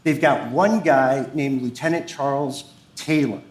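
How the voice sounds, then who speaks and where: A man's voice: medium pitch, a little slow. A man co-hosting a podcast, telling a story before a live audience in a dramatic, suspense-building way. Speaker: podcast co-host. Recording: roomy live venue.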